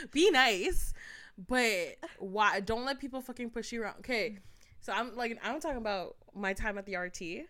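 A woman's voice: fairly high pitch, animated, measured pace, fairly bright tone. Laughing young woman telling stories. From Toronto. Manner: swearing, storytelling, breaks into laughter. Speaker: podcast co-host. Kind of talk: casual podcast chat.

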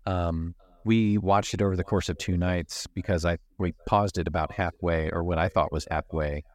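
A man's voice: sits low, fairly even intonation, normal speed. A man co-hosting a casual podcast about a movie, rambling and joking, swearing freely and laughing often. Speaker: podcast co-host. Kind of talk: casual movie-review chat.

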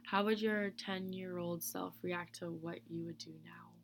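A young woman talking to her own recorder in a casual, profane monologue, blunt and ranting, with loud bursts of indignation and breathy whispered asides. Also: on the low side, steady tone, a little slow, a little hiss or hum. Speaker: solo vlogger answering question prompts. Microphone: own recorder close by.

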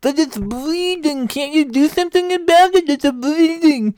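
A man voicing himself as a whiny man with a bleeding tongue, talking high and slurred with his tongue out. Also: moderate pace, a little mellow, dry recording. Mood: whining.

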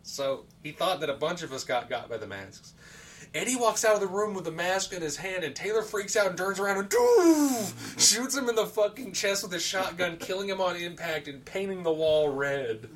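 Rambling, swearing podcast co-host, man with a somewhat high voice, distant mic, faint hiss. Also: moderate pace, a bit bright. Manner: rambling storyteller, heavy swearing and fillers. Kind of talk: casual chat.

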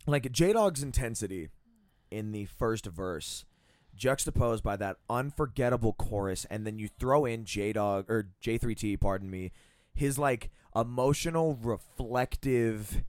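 A man's voice: mid-range voice, expressive, measured pace, darkish tone, dry recording, studio quality. A young man hosting a casual podcast, reviewing songs in a laid-back way and swearing freely. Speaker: podcast host. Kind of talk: casual chat reviewing an album.

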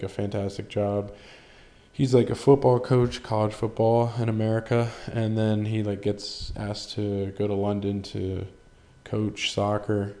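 A man with a fairly low, gravelly voice chats on his own podcast. His tone is dark and relaxed as he rambles, swears freely and pokes fun at himself. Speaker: podcast host. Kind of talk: casual solo podcast chat.

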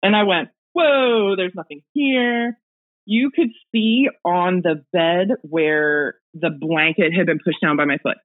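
A woman's voice: low-pitched, a little slow, few pauses. Woman telling a story over a tinny line. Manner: rambling, full of fillers and laughs. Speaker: podcast guest telling a ghost story. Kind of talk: casual storytelling. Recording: tinny phone-line audio.

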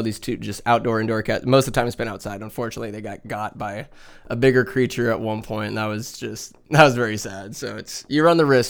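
A young man from Northern California, vlogging from a home room with a bookcase, rambles casually through cat anecdotes while swearing and laughing. His mid-range voice has noticeable vocal fry.

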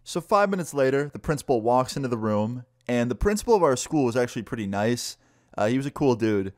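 A man's voice: mid-range voice, very animated, fast talker, darkish tone, no room sound, clean studio sound. Young man telling a loose story. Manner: loose, profane, full of "like". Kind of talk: casual story time.

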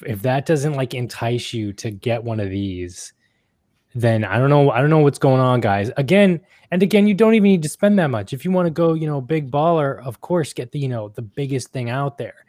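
A man's voice: medium pitch, animated, normal speed, darkish tone, no room sound. Man hosting a gaming podcast, dry sound. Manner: laughs often, rambling with restarts. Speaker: host. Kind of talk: casual podcast chat.

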